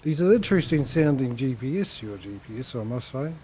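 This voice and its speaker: A man chatting casually with a streamer during a game, easygoing and halting. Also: medium pitch, sing-song, mellow, slight background noise. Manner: easygoing, hesitant, filler-heavy. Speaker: fellow streamer in a convoy. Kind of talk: casual chat while gaming.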